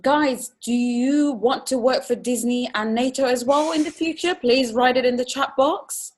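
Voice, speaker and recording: Friendly webinar host, non-native English speaker. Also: female voice, high-pitched, normal speed. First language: not English. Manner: friendly, reads out audience questions. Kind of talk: moderating a webinar Q&A.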